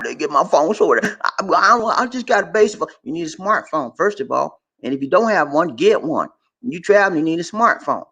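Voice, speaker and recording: A vlogger with a slightly high male voice gives casual travel tips to the camera. Chatty and animated, he calls the viewer "man" and "baby" and repeats his points.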